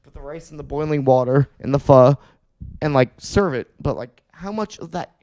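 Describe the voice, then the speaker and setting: A man's voice: medium pitch, normal speed, darkish tone. A man co-hosting a podcast, telling profane stories in casual chat and mimicking other people's voices. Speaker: podcast co-host.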